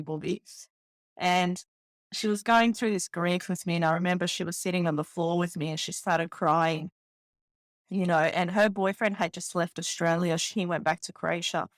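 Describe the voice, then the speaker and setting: A woman's voice: on the low side, steady tone, normal speed, no echo. A woman from the Balkans in her thirties, a podcast host speaking candidly and from the heart in a personal monologue, with lots of "you know". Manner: heartfelt, candid, many fillers.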